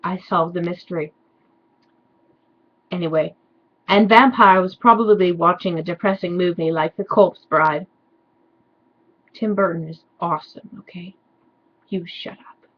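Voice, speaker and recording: A woman's voice: lowish voice, fairly even intonation, measured pace, pauses often, lo-fi sound. A young woman doing a comedic dramatic reading of fan fiction, with sarcastic, mock-despairing asides.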